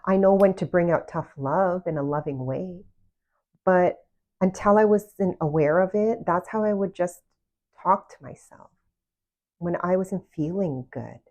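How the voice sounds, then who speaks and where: A woman's voice: lowish voice, a little slow, darkish tone. A woman giving casual, earnest self-love advice, often asking the listener direct questions. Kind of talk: casual motivational talk to camera.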